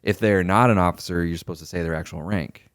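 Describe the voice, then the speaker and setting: A young man co-hosts a podcast in casual chat, his low voice moving fast as he tells stories. He's an animated storyteller who swears freely and acts out the superiors he quotes. The sound is clean studio quality with no echo.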